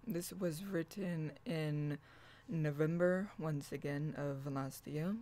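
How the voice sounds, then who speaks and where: Brief: unhurried host reading their own healing affirmations, drawn-out and soothing, mid-pitched. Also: fairly even intonation, mellow. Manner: deliberate, soothing, repetitive affirmations. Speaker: channel host reading own blog writing. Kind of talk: slow spoken affirmation reading.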